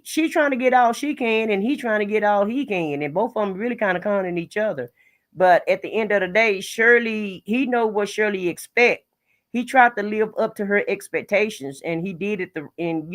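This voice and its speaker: Chatty livestream host reading comments. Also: mid-range voice. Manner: chatty and opinionated, reads comments aloud and reacts; frequent restarts and repeated words. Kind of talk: casual live chat commentary.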